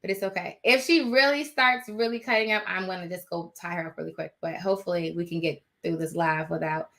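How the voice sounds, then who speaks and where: A woman hosting a casual live stream from her home office, animated and rambling as she talks to viewers. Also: on the low side, brisk.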